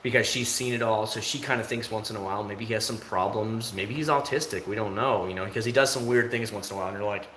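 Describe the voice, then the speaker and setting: A man rambles casually to his stream viewers, speaking into a phone at home. His talk wanders loosely and now and then jumps into loud, higher bursts. The room around him sounds roomy, with a faint hiss of noise behind. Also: fast talker, hardly any pauses. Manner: rambling, chatty, with sudden loud, high bursts. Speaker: livestreamer. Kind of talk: casual livestream chat. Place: at home, indoors.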